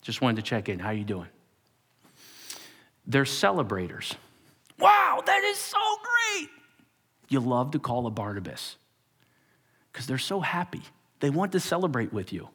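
A man preaching a sermon to his congregation with a lively, swooping voice. He acts out the people he quotes and sinks to a hushed whisper for emphasis. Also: mid-range voice, normal speed, pauses often, slightly rough. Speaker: pastor.

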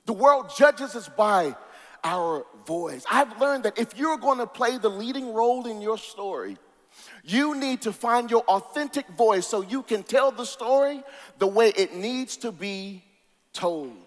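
A male preacher delivering a sermon in a sing-song cadence, swinging from hushed words to shouts and stretching key words with long pauses. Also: sits high, lively intonation, in a large hall.

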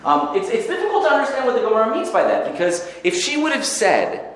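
A man giving a lively Talmud lecture, telling the story with Hebrew quotations and acted asides. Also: high voice, quick pace. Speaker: rabbi teaching Talmud. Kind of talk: animated Torah lecture. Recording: very echoey room with faint ambient noise.

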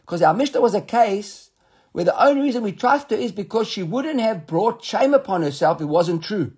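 Husky halting man teaching Talmud. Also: high voice, animated, darkish tone. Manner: halting, repeats words, reads Aramaic aloud then explains. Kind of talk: Talmud study class.

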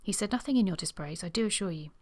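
A woman's voice: medium pitch, lively intonation, racing, a little mellow, close to an everyday voice. A woman reading a proud young governess from a novel, earnest and flustered, at times close to a whisper. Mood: stiff. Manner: earnest, sometimes dropping to a whisper.

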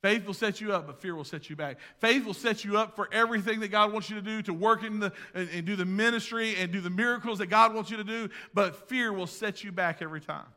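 Male pastor, high voice, swings from loud emphasis to hushed asides, church hall with long reverb. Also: fast, few pauses. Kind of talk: sermon. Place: church sanctuary.

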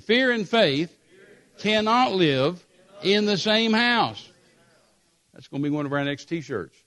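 A man with a high-pitched voice preaches a sermon, telling a scripture story with animated storytelling and emphatic repetition.

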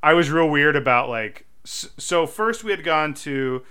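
Man, podcast co-host, bright and crisp voice, animated anecdotes, casual chat. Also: on the high side, measured pace. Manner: animated storyteller, acts out quotes.

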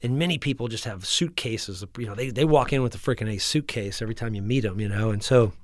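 A man host coaching an audience in an energetic teaching talk, often checking in with his listeners and restarting his sentences. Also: lowish voice, fast talker, dry recording, studio quality. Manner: frequent restarts and repeated words. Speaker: practice growth coach and podcast host.

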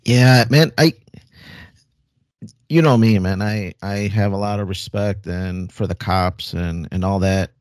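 Low-voiced, measured man. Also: dry recording, clean studio sound. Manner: measured, reflective, hesitant restarts. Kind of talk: casual chat.

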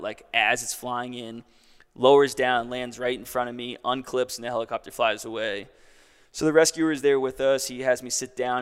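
A man's voice: medium pitch, clear, resonant tone, long reverb tail. A young man casually telling a long story as a guest, in a laid-back way full of "like".

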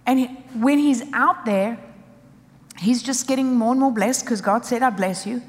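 A woman's voice: a little high, normal speed. Emphatic woman preacher in a reverberant hall. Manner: emphatic, preaching in short repeated phrases. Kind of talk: sermon.

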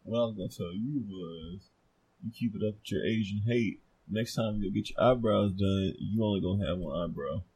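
Young guy, bit husky, deadpan slangy jabs, casual podcast. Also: on the low side, moderate pace, dry recording. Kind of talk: casual chat.

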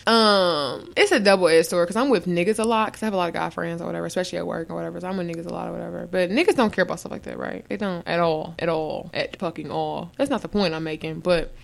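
A woman's voice: fairly low pitch, fast, vocal fry, few pauses. Blunt, profane young woman podcast host. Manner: profane, blunt, animated storyteller. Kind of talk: casual chat.

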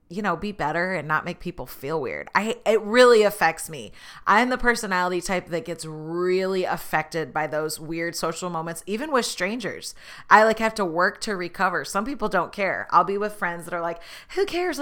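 A woman talking casually to her listeners in a self-mocking, chatty way, acting out quoted exchanges with big jumps in pitch. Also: bright, forceful tone, clean tone. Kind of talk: casual monologue.

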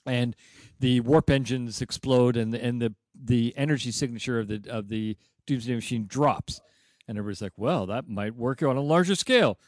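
A man's voice: medium pitch, normal speed, no echo. A man in casual chat, retelling a TV episode with hummed music cues and acted-out lines. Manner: animated storyteller, hums music cues and acts out lines. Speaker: podcast co-host.

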